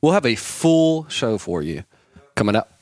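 A man co-hosting a podcast in casual chat, joking and quick to laugh. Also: mid-range voice, sing-song, no room sound. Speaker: podcast co-host.

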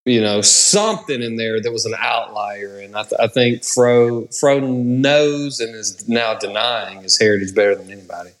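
A man's voice: on the low side, moderate pace, few pauses. A man co-hosting a podcast in easygoing casual chat, trailing off and restarting. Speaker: podcast co-host.

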